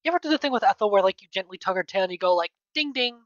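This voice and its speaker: A woman's voice: medium pitch, animated, racing, no room sound, lo-fi sound. A woman player in a tabletop game, rambling playfully with many filler words. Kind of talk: casual tabletop play.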